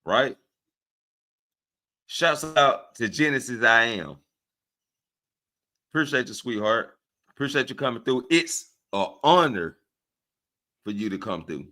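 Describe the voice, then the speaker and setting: A man with a Southern US accent hosting a casual livestream, speaking to his viewers in an animated, preachy way and often checking in with them. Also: medium pitch, takes it slowly, pauses often. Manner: animated and preachy, often asks "right?" of listeners. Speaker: livestream host. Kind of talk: casual livestream talk to chat.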